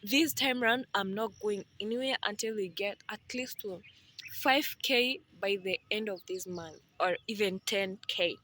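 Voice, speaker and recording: A chatty woman vlogger talks straight to her viewers in a casual, animated way. Her voice is bright and forward, and she mixes playful asides into her talk. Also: mid-range voice, measured pace. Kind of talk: casual vlog talk to camera.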